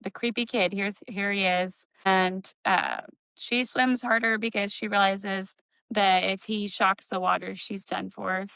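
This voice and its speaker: A woman's voice: medium pitch, steady tone, measured pace, vocal fry, bright, forceful tone, smooth, no echo, poor audio. A woman co-hosting a casual book discussion, talking in a rambling, questioning way with fillers. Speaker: book podcast co-host.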